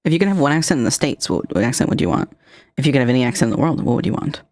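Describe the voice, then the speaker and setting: Excited swearing streamer, dry close mic. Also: mid-range voice, dry recording. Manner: enthusiastic, swears, drawn-out delivery. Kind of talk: casual chat.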